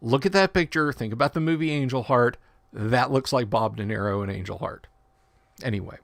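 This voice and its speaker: A man's voice: mid-range voice, fairly quick, vocal fry, no echo. A man hosting a casual livestream, reading tabletop rule text aloud and breaking off for joking asides and self-corrections. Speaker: livestream host.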